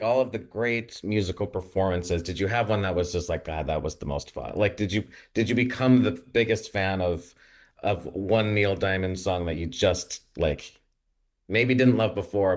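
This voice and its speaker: A man from North Dakota interviews a guest, asking questions in a friendly, casual way. His voice sits fairly low, and he offers compliments between his questions. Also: moderate pace.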